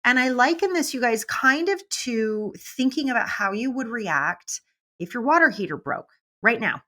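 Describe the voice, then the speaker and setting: A middle-aged woman, a business mentor guest, talking in a casual, animated way and acting out quoted voices. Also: on the high side, normal speed. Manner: animated, acts out quoted voices, laughs often. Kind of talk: casual interview talk.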